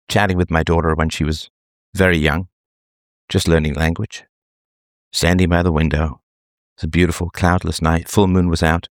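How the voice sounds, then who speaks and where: A low-voiced man holds forth in an opinionated solo monologue. He lectures emphatically with a sarcastic edge, his pitch leaping up for emphasis. The recording is close and dry. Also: no echo. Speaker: commentator.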